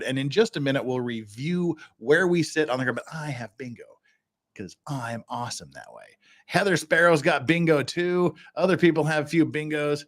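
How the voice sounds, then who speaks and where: A man hosting a casual livestream, chatting and joking with frequent restarts. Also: mid-range voice. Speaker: livestream host.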